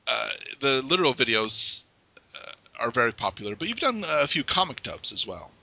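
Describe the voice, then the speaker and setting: A male podcast host with a bright, forceful voice that swoops up and down as he chats. He talks in a friendly, rambling way, and the sound is dry and close. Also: medium pitch, normal speed, creaky, no room sound, low-quality recording. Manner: friendly, lively, rambling with restarts. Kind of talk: casual interview chat.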